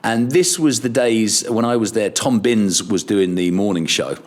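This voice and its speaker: A middle-aged man, a radio presenter, telling stories in casual chat on a podcast, lively and laughing as he goes, his pitch jumping up when he gets excited. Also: measured pace. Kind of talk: animated storytelling in casual chat.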